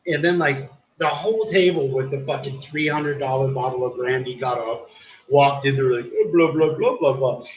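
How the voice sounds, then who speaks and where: A tipsy man rambles through a story on a livestream, swearing freely and saying "dude" every few words. His voice sits at an ordinary pitch. The room gives it a noticeable echo, with a faint hum behind it. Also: normal speed, lo-fi sound. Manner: rambling, profane, says "dude" a lot. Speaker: live streamer.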